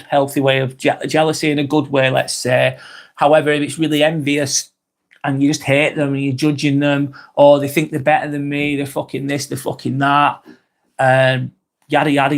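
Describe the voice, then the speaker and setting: A man's voice: medium pitch, level tone, normal speed. A British man hosting a live vlog, chatting casually and reading out viewer comments, rambling onto tangents and swearing freely. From Britain.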